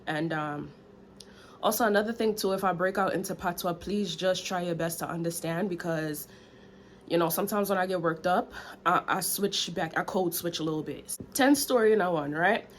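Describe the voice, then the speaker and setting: In a casual story time vlog, a woman with a fairly low voice talks candidly at a normal speed, sounding slightly out of breath. The recording has a bit of hiss or hum.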